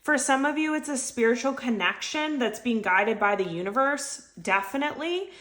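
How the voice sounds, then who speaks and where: A woman's voice: high voice, lively intonation, moderate pace, a bit bright. A woman giving an intuitive tarot reading to her viewers, talking in an earnest, emotional way and repeating her phrases. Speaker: tarot reader.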